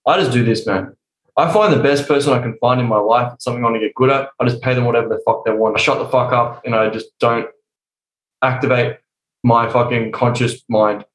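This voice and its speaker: A man telling stories in a profane, animated way during a casual podcast conversation, as a guest coach. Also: medium pitch, a little fast. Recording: roomy echo.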